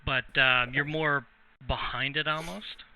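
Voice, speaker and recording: A man's voice: on the high side, steady tone, measured pace, crowd noise. Man narrating as a casual game master. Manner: casual, meandering, with frequent fillers. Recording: dull lo-fi sound with faint background hiss.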